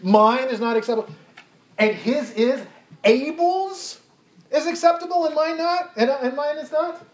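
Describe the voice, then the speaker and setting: A man's voice: extremely high pitch, measured pace, voice pushed up. A man voicing a resentful, jealous biblical man in a whiny, indignant rant. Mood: jealous sulking. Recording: roomy echo, faint background hiss.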